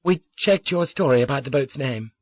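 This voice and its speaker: A man's voice: medium pitch, expressive, moderate pace, dry recording, voice pushed up, lightly acted. A man voicing a guarded, formal young Englishwoman who speaks in a clipped, dispassionate way, in an audiobook. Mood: cool, guarded. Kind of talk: audiobook character voice. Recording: dull lo-fi dry recording.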